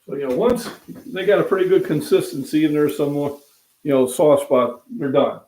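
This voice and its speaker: A man's voice: a little high, moderate pace, a little mellow, a little hiss or hum. An older man hosting a casual live stream from his home kitchen, rambling in a folksy way and speaking directly to his viewers. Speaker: fitness channel host. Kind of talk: casual live-stream chat while cooking. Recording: roomy sound, voice off-mic.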